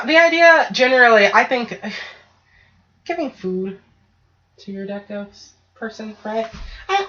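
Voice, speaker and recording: A woman co-hosts a casual podcast chat, easygoing and jokey, with a habit of swearing and checking in with "right?". Her voice sits at an ordinary pitch. The recording is dull and lo-fi. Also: a bit bright. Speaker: podcast co-host.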